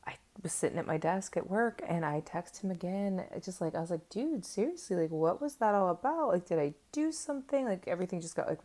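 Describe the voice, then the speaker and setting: Gravelly low-voiced woman vlogger. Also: dark tone. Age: 30s. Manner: candid, self-mocking, lots of fillers like "like" and "um". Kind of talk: casual storytelling to camera.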